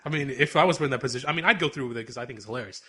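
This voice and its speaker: A man's voice: medium pitch, racing, sharp tone, breathy edge. A man around thirty, co-hosting a podcast in casual chat, teasing and laughing often. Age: 30s. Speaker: podcast co-host.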